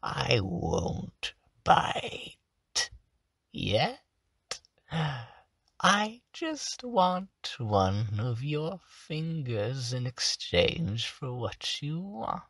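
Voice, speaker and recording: A man voicing a creepy old female hag with a constricted, strangled voice that swoops between high and low, coaxing slowly with whispered asides. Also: big pitch swings, gravelly, fairly bright tone, husky, dry recording, studio quality, full character voice. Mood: wheedling. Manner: slow, sing-song, drawn-out coaxing with whispered asides. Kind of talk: tabletop game voice demonstration.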